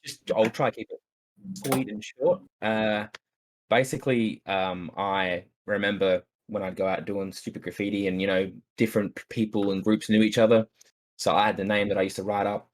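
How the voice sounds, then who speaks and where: A man's voice: fairly low pitch, fairly even intonation, normal speed. An Australian man telling a story as a podcast guest, casual and rambling, swearing freely with lots of fillers.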